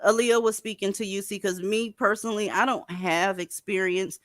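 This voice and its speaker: A woman's voice: medium pitch, fairly even intonation, normal speed, fairly bright tone, no echo, clean studio sound. A woman on a live call panel, scolding a caller in a sarcastic tone.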